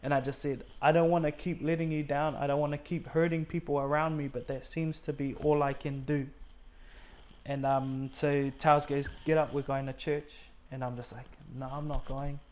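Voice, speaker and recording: Here a man from New Zealand speaks as a guest giving a faith testimony, with a voice on the high side, a darkish tone, little pitch movement and normal speed. He tells his personal story earnestly in conversation, acting out what he and others said, with many fillers.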